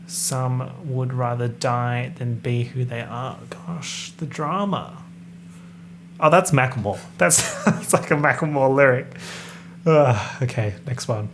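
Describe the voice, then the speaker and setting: A man hosts a casual solo podcast, talking his way through guesses in an everyday, mid-pitched voice. He reads and half-sings song lyrics between his comments. A faint hum sits under the recording. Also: fairly bright tone. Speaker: podcast host. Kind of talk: casual solo podcast, pop music quiz.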